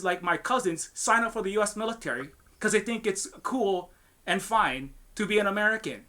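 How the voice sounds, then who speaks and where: A man's voice: high-pitched, lively intonation, normal speed, pushed and bright. A man from Hawaii speaking on a panel as a game studio founder, heated and ranting, swearing and restarting his sentences often. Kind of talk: impassioned panel discussion.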